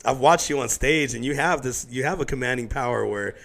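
A man hosting a laid-back interview from his home studio, talking quickly with a gravelly rasp. He tells loose, profane stories and slips into impressions of the people in them. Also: medium pitch, fairly bright tone. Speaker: podcast host. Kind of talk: casual interview chat.

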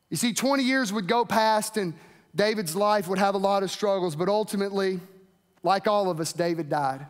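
A man's voice: high voice, normal speed, long reverb tail. A man preaching a weekend sermon as pastor, earnest, lifting and dropping his voice for emphasis.

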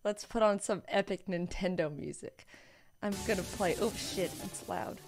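A woman streaming live in casual chat, hoarse and worn out, giggly and excitable, often repeating herself. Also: medium pitch, moderate pace, faint music behind.

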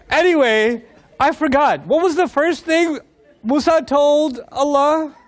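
A middle-aged man giving a humorous storytelling talk to an audience, animated and jokey, acting out quotes and voices. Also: extremely high pitch, measured pace. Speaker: Islamic speaker.

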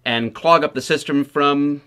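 A Michigan police officer hosts a video, offering casual, wry commentary to the camera with sarcastic asides. His voice is fairly high, clear and resonant with a sharp edge, and he takes his time.

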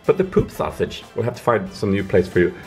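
A man from Sweden talking casually in a home vlog, chatty and playful, dropping to soft murmurs and jumping to high excited bursts. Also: fast, echoey room, faint music behind. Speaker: vlogger. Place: home kitchen.

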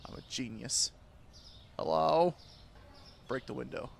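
Slow and gravelly in a mid-range voice, this gaming YouTuber narrates his gameplay with crude jokes, ribbing the on-screen characters and laughing often. A little hiss or hum sits in the audio.

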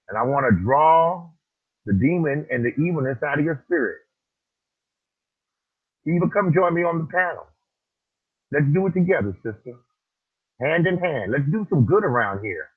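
Male livestream host, preachy and profane, husky voice over a phone-quality line. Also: a little high, expressive, moderate pace, long pauses. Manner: profane, preachy, repeats phrases for emphasis. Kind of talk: preacher-style ranting livestream talk.

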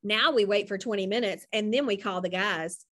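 A woman's voice: medium pitch, normal speed, a bit bright, close to an everyday voice. A woman voicing a mischievous, scheming older sister in a storybook, speaking in a sly, matter-of-fact way.

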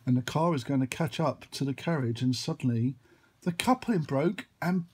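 Storyteller: man with a husky, slightly high voice, rambling made-up tale with sound effects. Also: moderate pace, a little mellow. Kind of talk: improvised storytelling.

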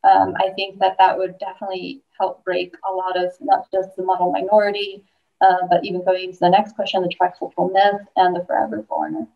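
A woman on a panel talks in a thoughtful, measured way with a gravelly, creaky voice. She sits away from the microphone. The audio sounds dull and muffled. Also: medium pitch, monotone, distant mic. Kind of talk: panel discussion.

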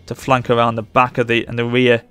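A man commentating live on his strategy game as he plays, urging his units on and reacting loudly to the battle. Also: mid-range voice, a little fast, clear, resonant tone, soft background music. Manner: urgent, excitable, barks orders at units. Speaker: gaming channel host.

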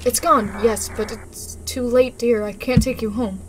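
Woman reading as a gentle kindly old man. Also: a little high, fairly even intonation, unhurried, noisy background, lightly acted. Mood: tender. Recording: game music playing underneath.

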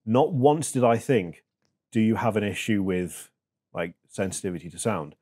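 Man, thirties, podcast guest, low-pitched, reflective and halting, casual chat. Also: expressive, darkish tone, husky. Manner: reflective, halting, many fillers.

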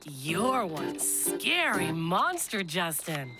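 A woman voicing a gentle, caring mother who talks in a warm, drawn-out way, over loud cartoon music. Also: lowish voice, big pitch swings, exaggerated voice.

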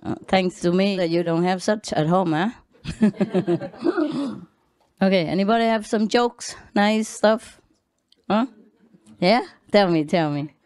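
A woman teacher speaks to a gathering of disciples in a slow, unhurried way. She laughs often and tells her stories playfully. The sound is close and dry. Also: medium pitch, animated, a little mellow, dry recording. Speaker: spiritual teacher. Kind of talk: informal talk to disciples.

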